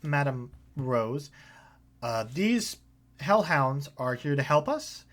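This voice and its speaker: A man voicing a nervous male halfling guide who speaks in a hushed, urging way. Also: medium pitch, very animated, slow pace.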